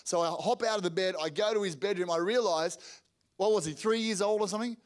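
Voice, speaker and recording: High-pitched, animated preacher telling stories. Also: male voice. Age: middle-aged. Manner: energetic storytelling with rapid restarts and acted-out quotes. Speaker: pastor. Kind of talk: sermon storytelling. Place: church hall before a congregation.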